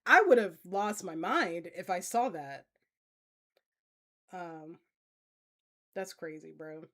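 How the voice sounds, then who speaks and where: A woman's voice: fairly low pitch, expressive, slow, pushed and bright. A woman streamer talks casually through a Q&A with her chat. She rambles loosely, full of fillers, and often breaks into laughter. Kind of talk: casual Q&A reading chat comments.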